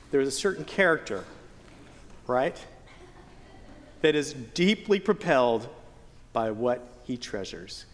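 Man preaching in a reverberant church. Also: fairly high pitch. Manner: earnest, joking asides, drawn-out emphasis. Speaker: pastor. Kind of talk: sermon. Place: church sanctuary. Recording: long church hall reverb.

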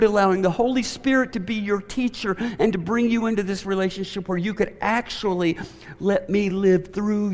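A preacher putting on a sorrowful, pleading man, strained and high, in a reverberant hall. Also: darkish tone, natural voice.

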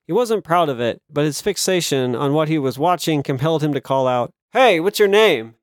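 Man reading a novel out loud, kinda high voice, steady and measured, dead dry close mic. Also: no room sound. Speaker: audiobook narrator. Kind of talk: scripted narration.

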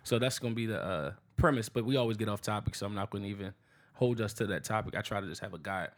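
A man's voice: on the low side, fast talker. Casual man hosting a podcast chat. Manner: loose storytelling, laughing asides. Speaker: podcast host.

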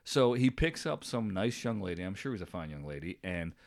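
A man's voice: deep voice, fairly quick, vocal fry. A man telling an anecdote in casual chat, swearing and breaking off into asides. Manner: animated storyteller who acts out voices in anecdotes; swearing, self-interrupting asides.

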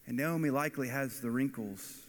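A pastor giving an earnest, storytelling sermon that rises to emphatic points. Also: male voice, medium pitch, fairly quick. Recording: long hall reverb.

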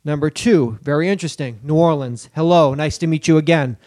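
A man's voice: fairly high pitch, brisk, no room sound, clean studio sound. A man co-hosting a comedy podcast, riffing loosely with lots of swearing and jokey asides. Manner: animated, profane, riffing with bits and put-on voices. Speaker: podcast co-host. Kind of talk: casual comedic banter.

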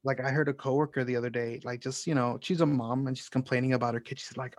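A man's voice: medium pitch, fairly even intonation, fast, hardly any pauses, no echo. Candid young man in casual chat. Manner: candid, swears freely, rambling with many fillers.

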